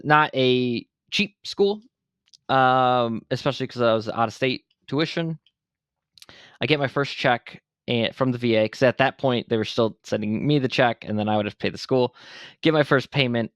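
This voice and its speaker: A man in his forties from Buffalo, New York, speaking as a podcast guest. He tells his story candidly and with animation, and swears freely. His voice sits at an ordinary middle pitch, and the sound is dry and close. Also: normal speed, smooth, dry recording. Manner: blunt and profane, animated retelling. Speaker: podcast guest, veteran entrepreneur.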